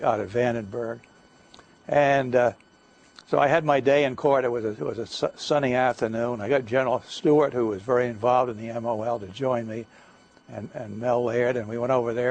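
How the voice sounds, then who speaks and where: An older man giving a guest lecture, telling stories in a halting way, with many fillers and restarts. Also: medium pitch, creaky, darkish tone. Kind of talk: anecdotal lecture talk. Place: lecture hall.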